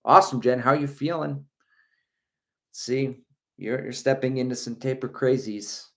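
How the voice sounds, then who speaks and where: A middle-aged man hosting a casual livestream about running. He reads out viewer comments and riffs on them with a chatty, joking manner, often breaking into a laugh. His voice sits at an ordinary male pitch. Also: moderate pace, fairly bright tone. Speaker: running channel host.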